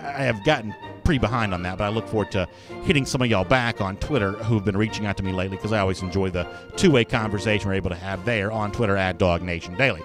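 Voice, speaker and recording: A man's voice: fairly low pitch, fast talker, music in the background. A man hosting a live sports talk show, chatting casually and reading viewer comments, rambling with restarts and fillers.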